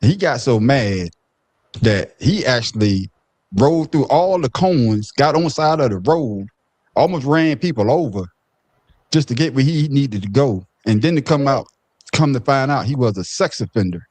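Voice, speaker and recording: A man's voice: medium pitch, lively intonation, moderate pace, darkish tone, dry recording. A man hosting a podcast, setting up stories and teasing the panel in casual chat. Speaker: podcast host.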